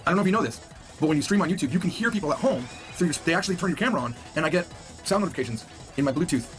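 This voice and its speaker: A quick-talking man with a lively, bouncing delivery and a slightly raised pitch runs a beginner language lesson. He is upbeat and chatty and repeats each new word so listeners can drill it. Soft music plays faintly behind him. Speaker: language teacher.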